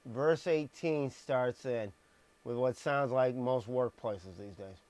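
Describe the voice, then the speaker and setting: A man's voice: medium pitch, slow pace, a little mellow, dry recording. A man reading scripture on a live stream, stressing words and dropping blunt, sarcastic asides. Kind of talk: live-streamed Bible message. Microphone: streaming microphone.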